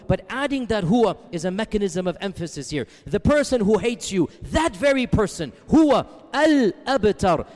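A man's voice: sits high, darkish tone. A man preaching a sermon, explaining Arabic terms and driving points home with emphatic repetition. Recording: long reverb of a hall.

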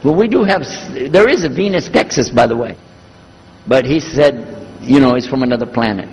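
An older man, a preacher, telling a personal story in an animated storytelling manner with sudden jumps in pitch. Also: moderate pace, creaky, husky. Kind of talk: storytelling talk. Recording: long hall reverb.

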